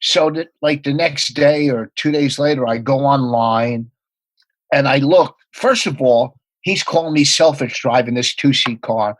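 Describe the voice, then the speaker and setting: Husky man telling profane comedy stories. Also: medium pitch, dry recording, rough recording. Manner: rapid profane anecdotes with laughter. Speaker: comedian guest. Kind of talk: casual podcast storytelling.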